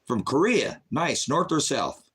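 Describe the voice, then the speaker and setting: A man preaching on his own channel, fervent and confrontational, firing off rhetorical questions and swinging between low mutters and loud outbursts. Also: big pitch swings, measured pace, breathy edge. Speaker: online preacher and channel host. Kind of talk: impassioned livestream preaching.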